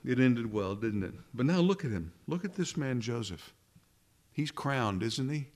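A man's voice: medium pitch, sing-song, measured pace, darkish tone. A man preaching a sermon in an earnest way, asking rhetorical questions and repeating phrases for emphasis.

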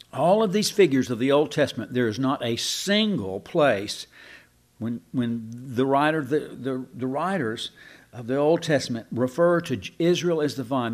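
A man's medium-pitched voice carries an emphatic, unhurried sermon. Along the way he raises rhetorical questions and at times begins a phrase anew.

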